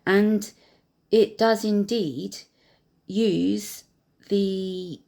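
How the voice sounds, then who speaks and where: A woman and piano teacher gently recalling her own learning, talking hesitantly with many pauses and fillers. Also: medium pitch, steady tone, gravelly. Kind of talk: reflective personal storytelling. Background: piano music.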